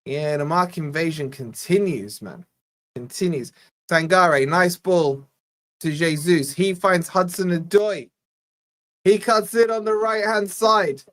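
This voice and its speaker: A young man from Scotland hosting a live fan watch-along, giving exasperated, chatty play-by-play and reading out viewer shout-outs. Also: high voice, takes it slowly. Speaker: fan channel host.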